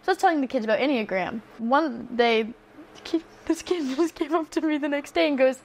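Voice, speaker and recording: A young woman, a former teacher, chatting casually and telling animated stories. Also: high-pitched, a little fast. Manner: animated, laughs through her stories, acts out quotes. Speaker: podcast co-host, former teacher. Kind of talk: casual chat, storytelling.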